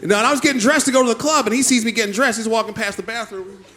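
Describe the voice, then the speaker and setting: A man performing a stand-up routine on a club stage, telling an animated, profane story and acting out voices. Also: very high-pitched, racing. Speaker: stand-up comedian. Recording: live club audience and noise behind.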